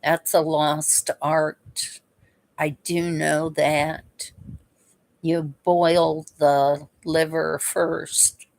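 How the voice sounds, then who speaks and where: A woman telling stories from her past in a casual, unhurried way, chuckling now and then between memories. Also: low voice, little pitch movement, vocal fry, a little mellow. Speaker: vlogger. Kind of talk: casual storytelling.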